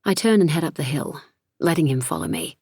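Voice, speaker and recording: Woman reading an audiobook, low voice with some fry, dry close mic. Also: animated, warm tone, dry recording. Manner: measured, reflective. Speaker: narrator. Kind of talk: scripted first-person audiobook narration. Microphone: close studio mic.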